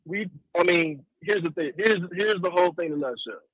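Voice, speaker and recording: A man's voice: high voice, lively intonation, a little fast, a bit bright, no echo. A man calling in to a sports radio show, talking casually and rambling, often saying "man.". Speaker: caller. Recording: dry phone line.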